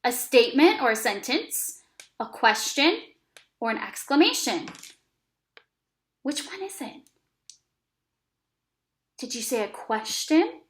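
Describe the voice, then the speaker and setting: High, animated woman teaching young children. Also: reverberant. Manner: slow, exaggerated, encouraging teacher talk with praise. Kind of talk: early reading lesson for young children.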